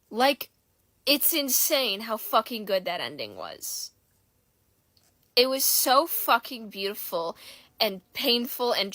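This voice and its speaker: A woman talking into her phone camera late at night, rambling and swearing with raw emotion. Her slightly high voice rises and falls a lot. The sound is close and dry. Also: pushed and bright, no echo. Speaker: content creator. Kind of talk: late-night casual vlog.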